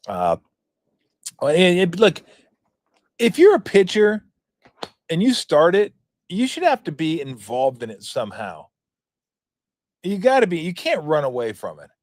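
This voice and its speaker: A man's voice: high-pitched, huge pitch swings, a little slow, pauses often, dry recording, clean studio sound. A man in his fifties hosting a sports talk show, commenting in a rambling, joking, profane way. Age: 50s.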